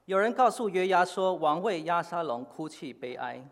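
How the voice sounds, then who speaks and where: A man preaching a sermon in short phrases, pausing often with fillers for an interpreter. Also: high-pitched, lively intonation. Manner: halting, many filler pauses. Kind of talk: sermon in Chinese with live interpretation. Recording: long hall reverb.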